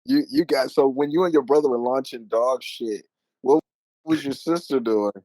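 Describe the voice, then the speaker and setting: A man's voice: mid-range voice, normal speed, warm tone, dry recording, low-quality recording. A man hosting an interview, asking questions in a laid-back, slangy and teasing way. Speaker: interview host. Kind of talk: casual chat. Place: online virtual-world voice chat.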